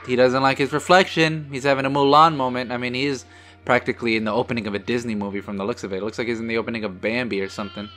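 A man's voice: medium pitch, steady tone, racing, a bit bright, faint music behind. A man hosting a casual movie watch-along, joking sarcastically at the screen and swearing freely. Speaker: host.

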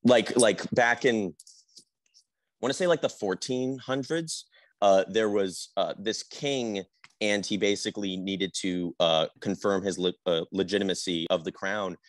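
Deep-voiced young man rambling with fillers. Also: no room sound. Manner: rambling, halting, full of fillers. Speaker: actor guest. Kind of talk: casual interview chat.

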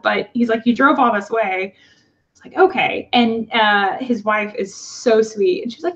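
Woman guest, fairly high voice, rambling anecdote, muffled lo-fi recording. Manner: halting, many fillers, acts out quoted voices. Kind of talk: casual storytelling. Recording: dull lo-fi sound.

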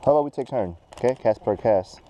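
A man chatting to the camera outdoors by the water, his pitch swinging widely as he gets worked up. His tone is mellow and a little dark, and he talks in a loose, casual vlog style. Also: fast, a little hiss or hum. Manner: excitable, exclaims at the action. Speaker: fishing vlogger. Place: outdoors by a bay at sunset.

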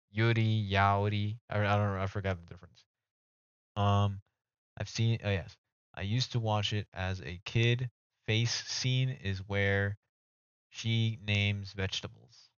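Streaming live, a young man rambles casually, jokes with his chat, and pokes fun at himself. His voice is fairly low, and the audio is dull and dry, like a home mic.

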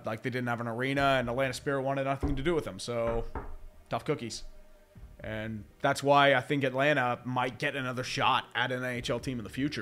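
A man hosts a live stream with a stuffy nose, chatting in a loose, rambling way and swearing casually. His voice sits at an ordinary middle pitch. Faint music plays quietly behind him. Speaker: livestream host reading chat.

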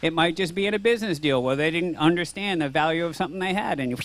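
In a church sanctuary, a middle-aged male pastor with a somewhat high, slightly bright voice speaks fast. His sermon is earnest and conversational, full of rhetorical questions, and he acts out both sides of a dialogue.

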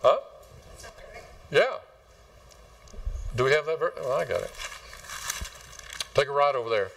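A man's voice: medium pitch, lively intonation, unhurried, gravelly, a bit bright, distant mic. A man from West Texas, preaching a folksy, rambling sermon and quizzing his congregation. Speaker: pastor. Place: church sanctuary.

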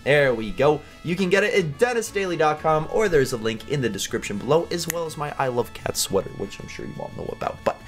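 Excitable guy narrating his gameplay, voice jumping all over the place, squealing at cute stuff, quiet music behind. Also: a little high, quick pace, few pauses. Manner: animated, squeals and baby-talks at cats. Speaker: gaming YouTuber.

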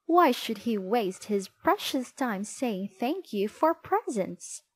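A woman reading a children's storybook aloud in an expressive, clear way. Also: fairly high pitch, slow, no echo. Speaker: storybook reader. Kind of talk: children's book read-aloud.

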